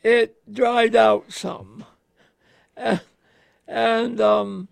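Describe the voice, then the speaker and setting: A man in casual radio chat, explaining in slow, rambling, halting sentences as a gardening expert. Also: very high-pitched, little pitch movement, vocal fry, no room sound.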